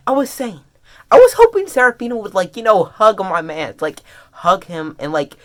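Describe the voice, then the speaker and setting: A webcomic reviewer in an excited casual review, gushing and filler-heavy, jumping into high squeals and dropping to soft murmurs. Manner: drops to soft, low murmurs when serious.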